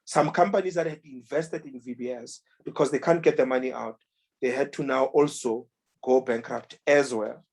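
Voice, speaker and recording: A man in a book club discussion, talking casually and retelling events with lively quoted voices and many restarts. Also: medium pitch, moderate pace, vocal fry.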